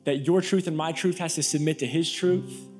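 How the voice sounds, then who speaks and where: A male pastor from Florida preaching an energetic, emphatic sermon to a live church audience, with storytelling asides. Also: fairly high pitch, moderate pace, faint music behind. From Florida, USA.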